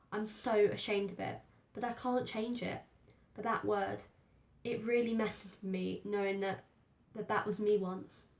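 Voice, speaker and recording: A woman reads a first-person story aloud, telling it in a tense, fearful way. Her voice is gravelly with a narrow, flat pitch. The recording carries a roomy echo. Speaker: audiobook reader. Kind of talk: first-person dramatic fiction narration.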